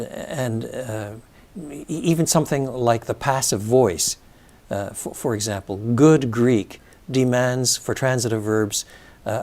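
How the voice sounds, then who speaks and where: An older man, raised speaking French and English, giving measured, explanatory interview answers with frequent pauses and restarts. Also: mid-range voice, a little mellow. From brought up in French and English. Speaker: interviewed theologian.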